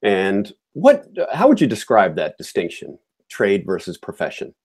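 A man's voice: lowish voice, huge pitch swings, moderate pace, darkish tone, husky. A man hosting a podcast, giving his opinions in a chatty, casual way. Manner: chatty and opinionated, with frequent fillers and restarts. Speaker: podcast host.

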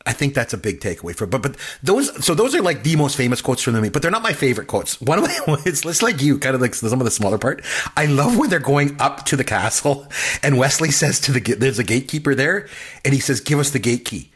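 A man in casual chat about a film, animated and acting out quotes in funny voices. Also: medium pitch, fast talker, slightly rough. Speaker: podcast co-host.

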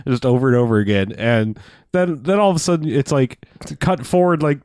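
A man's voice: medium pitch, lively intonation, a little fast, a little mellow, dry recording, studio quality. A man co-hosting a casual podcast, rambling through a movie plot and acting out lines in goofy voices. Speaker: podcast co-host. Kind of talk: casual movie recap chat.

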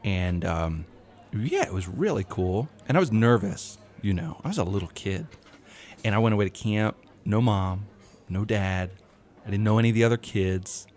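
Laughing, storytelling man with a low voice. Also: normal speed. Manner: animated storyteller, laughs often. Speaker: podcast co-host. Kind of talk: casual chat.

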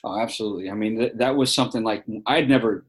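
A man's voice: on the low side, quick pace. A man in his forties from New York, a guest telling stories in an interview, earnest and rambling with lots of fillers and restarts. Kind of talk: casual interview storytelling.

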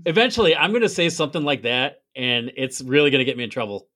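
A man who is a guest comedian, chatting casually from home on a video call with self-deprecating dark humor. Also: medium pitch, fast. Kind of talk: casual chat.

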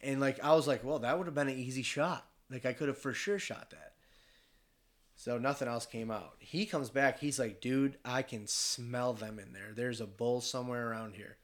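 In a relaxed chat, a Michigan man spins a hunting yarn with plenty of swearing and animated impressions of the people in it. He speaks at normal speed with a mid-range voice.

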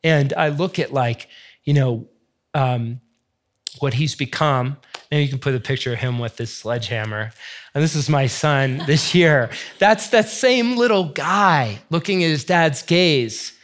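A man's voice: on the high side, measured pace, fairly bright tone. A middle-aged man giving a heartfelt teaching talk in an earnest, searching, emotional way. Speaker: faith teacher sharing testimony.

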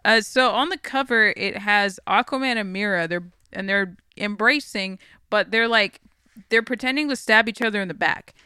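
A young adult co-host chatting casually on a podcast, retelling stories in an animated way, laughing often and swearing freely. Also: mid-range voice, moderate pace, clear, resonant tone, no echo, studio quality.

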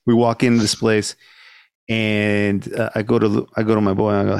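A man's voice: on the low side, flat delivery, moderate pace, vocal fry, darkish tone, clear, resonant tone, no room sound, studio quality. A man hosting a podcast, telling a story in casual chat, swearing freely and acting out the people he quotes. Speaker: podcast host.

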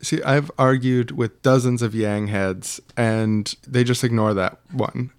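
A man's voice: medium pitch, fairly even intonation, measured pace, smooth. A man with a mid-range voice debates politics in a casual, cutting tone, heavy on sarcasm and the odd swear word. The room is dry and close, with no echo.

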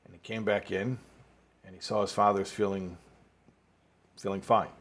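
A man's voice: lowish voice, little pitch movement, moderate pace. A man teaching a Torah class as a rabbi, telling a story and explaining it, with Hebrew and Yiddish words mixed in and rising emphasis.

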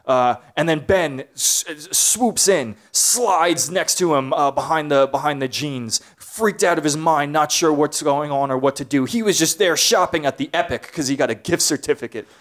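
Podcast guy reading stage directions out loud, lots of uhs, halting and casual. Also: a little high. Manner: halting, many uhs, slowing to read. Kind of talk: casual comedy podcast, reading a script aloud.

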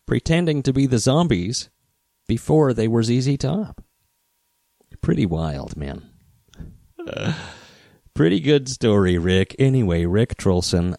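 A man hosting a podcast, telling a story in a relaxed, rambling way with many fillers. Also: low-pitched, no room sound. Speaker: podcast host, guitar repair specialist. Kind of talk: casual storytelling.

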